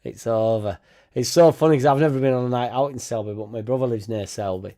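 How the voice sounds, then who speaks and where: Speaking quickly with a dark tone at medium pitch, this young man hosts a relaxed fan livestream. He rambles through reactions and thank-yous to viewers, laughing often and cursing without restraint.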